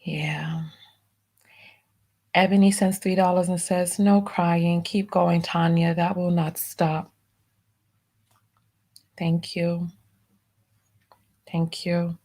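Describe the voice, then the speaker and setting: A woman hosting a live stream, reading out viewer donation messages and softly thanking each one. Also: on the low side, little pitch movement, slow pace, pauses often. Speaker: livestream host.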